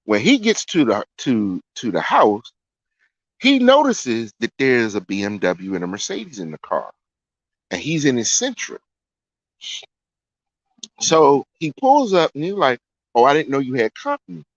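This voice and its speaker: A man telling a casual story in an animated way, repeating phrases for emphasis. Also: medium pitch, unhurried, pauses often, no room sound, lo-fi sound.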